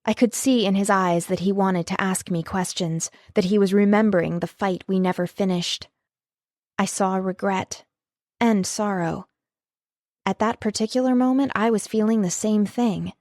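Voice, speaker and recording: Woman narrator, emotive first-person audiobook read, medium pitch, dry close sound. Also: steady tone, normal speed, a little mellow, no room sound. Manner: emotive reading.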